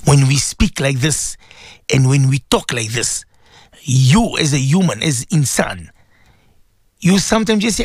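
A man's voice: fairly high pitch, animated, normal speed, dry recording, studio quality. A man hosting a devotional radio talk, preaching fervently and repeating himself as he pleads with listeners. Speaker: religious radio host.

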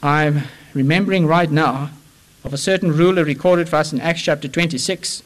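Male preacher, high-pitched, impassioned, loud-to-soft sermon delivery. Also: moderate pace, low-quality recording. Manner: impassioned, swings between loud urging and hushed pleading.

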